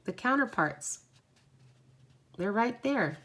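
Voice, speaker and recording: A woman's voice: fairly high pitch, animated, slow, fairly bright tone. A woman hosting a live oracle card reading, effusive and encouraging, often exclaiming.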